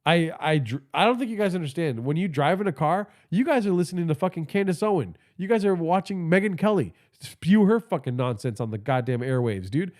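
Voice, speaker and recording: A man's voice: on the high side, expressive, a little fast, hardly any pauses, a little mellow. A man hosting a podcast livestream, telling stories in a casual, profane and rambling way, talking into a phone held in his hand, with a stuffy nose. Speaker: podcast host.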